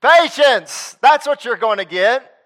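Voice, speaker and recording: A man preaching a sermon to his congregation, swinging between loud emphatic peaks and quiet low asides, and reading scripture aloud in old-fashioned wording. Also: expressive, takes it slowly. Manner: reads scripture aloud in King James wording.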